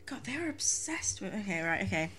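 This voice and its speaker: Giggly bright-voiced woman. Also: medium pitch, very animated, normal speed, husky. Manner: giggly, breaks into frequent laughter. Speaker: podcast co-host. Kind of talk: casual comic chat.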